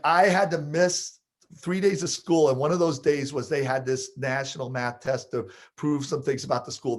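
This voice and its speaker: Animated man telling a personal story. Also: medium pitch. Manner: animated, laughing through an emotional story. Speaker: podcast guest telling a childhood story. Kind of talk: casual storytelling.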